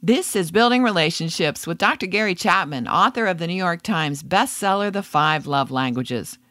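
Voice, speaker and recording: An announcer reading a scripted promo for a radio show in a smooth, promotional manner. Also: mid-range voice, expressive, moderate pace, sharp tone, no echo, studio quality.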